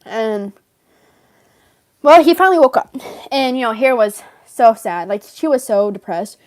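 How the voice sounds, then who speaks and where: A woman's voice: fairly high pitch, lively intonation, normal speed. A woman rambling through an in-character story, filling her talk with "like" and laughing often. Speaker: fan role-player in character.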